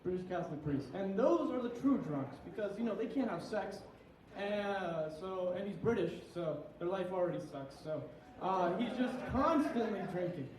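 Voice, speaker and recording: A man's voice: high voice, expressive, normal speed, crowd noise. A young man, a little tipsy, doing a crude, rambling, self-deprecating stand-up comedy set at a small venue. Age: young adult. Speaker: stand-up comic. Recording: echoey room, heard from a distance.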